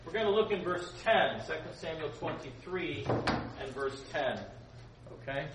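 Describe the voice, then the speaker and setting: Animated joking preacher man, echoey hall. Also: fairly high pitch, a little slow. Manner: animated, joking, swings between loud and soft. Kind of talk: sermon to a youth congregation. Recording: echoey room, faint room noise.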